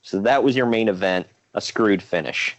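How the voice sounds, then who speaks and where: A man co-hosting a podcast, casually recapping old wrestling shows in a rambling, relaxed way with fillers. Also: fairly low pitch, moderate pace, muffled recording, slight background noise. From Ohio. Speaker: podcast co-host.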